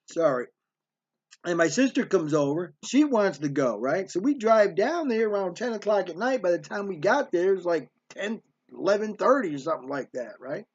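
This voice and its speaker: A man's voice: high voice, bright, forceful tone, husky, dull audio. A middle-aged man telling stories from his life in a rambling, streetwise way, recorded in a hotel room. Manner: rambling, streetwise, peppers lines with "man" and "right". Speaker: storyteller. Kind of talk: casual storytelling monologue.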